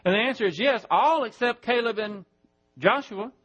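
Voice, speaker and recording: High-voiced preacher teaching scripture. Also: male voice, a bit bright, slightly rough. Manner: teaching Bible verses, spelling out Greek words slowly. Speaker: pastor. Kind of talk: sermon. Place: church.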